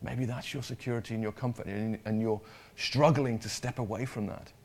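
A man's voice: medium pitch, fairly even intonation, fairly quick, darkish tone. Man preaching a conversational sermon. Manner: conversational, repeats words, asks the congregation questions.

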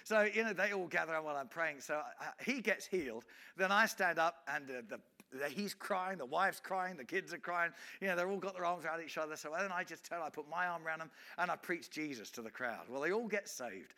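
A man's voice: fairly high pitch, lively intonation, brisk, few pauses, sharp tone. A man, an evangelist telling a story in a sermon, acting out scenes with frequent restarts. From England.

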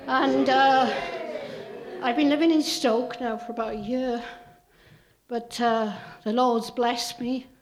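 A woman's voice: a little high, steady tone, slow, a little hiss or hum. A Welsh woman giving an unscripted testimony at a church service, hesitant, with many fillers and restarts. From Wales.

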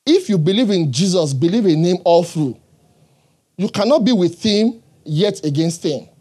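A man's voice: sits high, expressive, moderate pace, darkish tone, breathy edge. A man preaching a sermon in an earnest, emphatic way, often checking in with the congregation.

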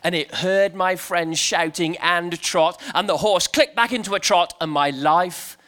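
A playful man preaches to a crowd and tells his stories with big energy. His voice sits high and sounds bright and forceful. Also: moderate pace. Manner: animated, playful, leads the audience in shouting. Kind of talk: lively storytelling sermon to a crowd.

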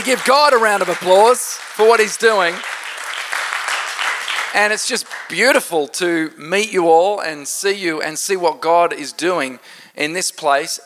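High, bright-voiced preacher. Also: male voice. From Australia. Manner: jokey, lively preaching with laughter. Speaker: visiting pastor. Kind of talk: sermon. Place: church service.

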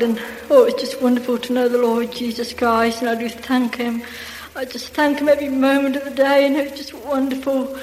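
A woman giving a church testimony, effusive and full of hallelujahs. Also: high voice. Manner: effusive, bubbling with hallelujahs and laughter. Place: large hall. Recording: echoey hall with faint hiss.

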